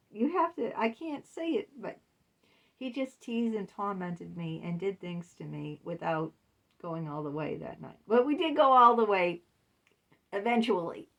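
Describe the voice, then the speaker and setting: Chatty woman with a gravelly voice. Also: medium pitch, distant mic. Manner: chatty and candid, laughs between lines. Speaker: author and vlogger. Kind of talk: casual storytelling vlog.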